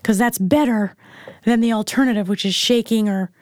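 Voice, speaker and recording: Middle-aged mother as interview guest, blunt candid storyteller, slightly higher register, dry room. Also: normal speed, a little mellow, dry recording. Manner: frank and blunt, plain-spoken.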